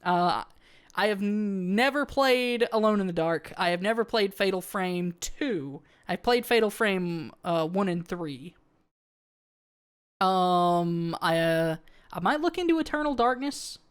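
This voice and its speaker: Chatting loosely with her live viewers, this woman speaks at medium pitch, expressive and smooth, at a slightly slow pace. She wanders through her thoughts with frequent fillers and false starts, reading out comments from chat and responding to each.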